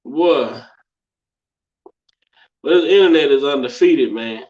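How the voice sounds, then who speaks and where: A woman vlogger reacts to internet clips in chatty, exclamation-filled commentary aimed straight at her viewers. Her voice is a rumbling low one with lively intonation, and she takes her time; the high frequencies are cut off.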